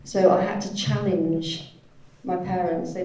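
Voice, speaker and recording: A woman voicing a deaf presenter's talk at a conference, halting and hedging with many "sort of" and "you know" fillers. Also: on the low side, fairly even intonation, a little mellow. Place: large conference hall. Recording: echoey hall from a distant mic.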